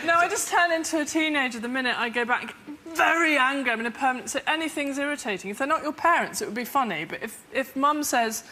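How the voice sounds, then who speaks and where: A woman's voice: high voice, expressive, brisk, very noisy. A middle-aged woman, a talk show guest telling comic stories in a theatrical, exasperated way. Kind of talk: comic anecdote.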